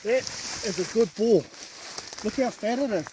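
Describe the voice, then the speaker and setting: Excited high-voiced New hunter outdoors. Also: male voice, a little slow. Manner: excited, calls out loudly to dogs and mates. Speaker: pig hunter. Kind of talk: casual outdoor chat on a hunt. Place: outdoors in bush on a hunt. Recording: noisy outdoor camera audio.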